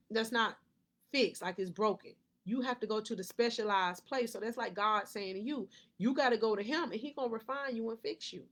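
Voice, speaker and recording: A woman's voice: fairly high pitch, fairly bright tone. A woman life coach giving a motivational faith talk to camera, preachy, repeating key lines and laughing often.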